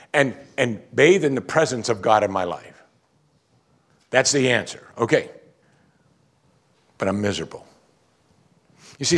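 Middle-aged male pastor, expressive sermon delivery, pitch swings widely from punchy emphasis to near hush. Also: slightly rough. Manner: animated preaching, swinging between emphatic and hushed.

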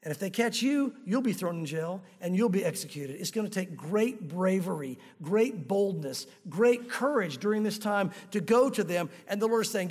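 A man's voice: high-pitched, lively intonation, normal speed, hardly any pauses, darkish tone, big-room sound. A male pastor preaching a sermon, earnest and direct, putting rhetorical questions to his listeners.

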